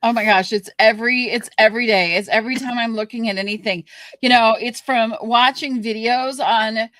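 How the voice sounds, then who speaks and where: A woman's voice: fairly high pitch, steady tone, fairly bright tone, no room sound. Frustrated woman ranting on a podcast. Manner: frustrated ranting, halting restarts. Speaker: podcast co-host. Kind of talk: candid podcast conversation.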